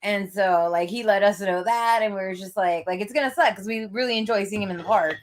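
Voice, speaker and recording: A woman's voice: medium pitch, brisk, slight background noise. A young adult woman co-hosting a casual chat stream, telling stories with fillers and giggles. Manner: chatty storyteller, giggly, many fillers. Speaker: co-host.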